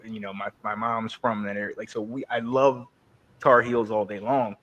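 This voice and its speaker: A man in his forties from North Carolina, co-hosting a podcast, telling animated sports stories in a casual chat with frequent repeated words. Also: on the low side, moderate pace. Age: 40s. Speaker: podcast co-host.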